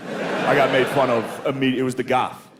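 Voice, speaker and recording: A man in his thirties doing stand-up, his talk loose and crude, full of swearing and self-mockery. His voice sits at an ordinary pitch for a man. Loud audience laughter and room noise sit behind his handheld stage mic. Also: level tone, fast. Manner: casual, swearing, self-deprecating, drops into silly voices. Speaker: stand-up comedian. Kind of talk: stand-up routine. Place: comedy club stage. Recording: live club recording, loud audience laughter.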